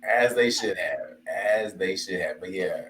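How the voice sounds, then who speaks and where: Low-voiced, easygoing male host. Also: measured pace, a bit bright, echoey room, a little hiss or hum, poor audio. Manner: easygoing and reflective, with frequent fillers. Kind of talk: casual chat.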